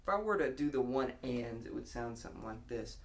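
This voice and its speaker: A man's voice: medium pitch, lively intonation, fairly quick, gravelly. A man giving a casual guitar lesson, explaining a strumming pattern and counting beats aloud. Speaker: guitar teacher.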